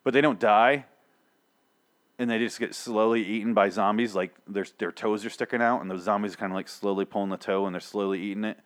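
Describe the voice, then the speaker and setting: A man's voice: on the low side, fairly even intonation, brisk. A man hosting his own podcast, ranting profanely through a solo TV episode recap with exasperated outbursts. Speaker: podcast host.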